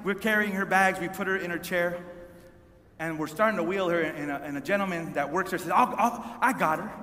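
A man tells a long, animated story from the pulpit in a high, bright voice, stumbling over repeated words as he goes. The sound carries a long reverb from a big hall. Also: brisk. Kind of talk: storytelling sermon. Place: large hall with an audience.

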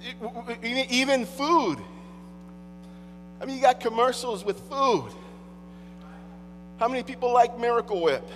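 A man with a high voice preaches a sermon, emphatic and wry, in a conversational style. His words ring out with a long reverb, as if in a large hall, and a faint electrical hum sits underneath. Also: measured pace, pauses often.

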